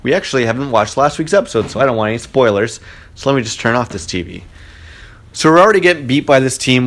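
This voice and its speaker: A man telling a story in a casual monologue at home in his living room, talking in a chatty and indignant way. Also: medium pitch. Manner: chatty, indignant, frequent "like" fillers.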